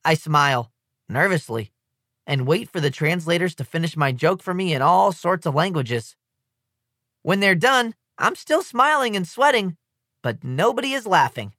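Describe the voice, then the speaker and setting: Lively, bright male audiobook narrator. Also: a little high, normal speed, no room sound, clean studio sound. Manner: lively, comic, youthful first-person delivery. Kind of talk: first-person audiobook narration.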